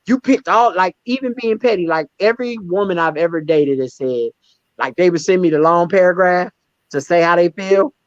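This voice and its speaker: A man in an interview, telling his stories candidly in an emphatic, animated way. His voice sits a little high, and he often repeats himself as he restarts a thought. The sound is dry and somewhat muffled. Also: moderate pace, dry recording. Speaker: stand-up comedian and guest. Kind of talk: candid conversational storytelling.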